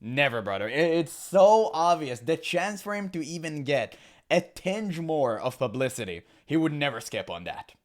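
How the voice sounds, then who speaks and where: A man's voice: a little high, sing-song, normal speed, a bit bright. Exasperated man ranting in casual reaction commentary. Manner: exasperated, emphatic, slangy, calls viewers brother and bro. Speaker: commentary host reacting to a video.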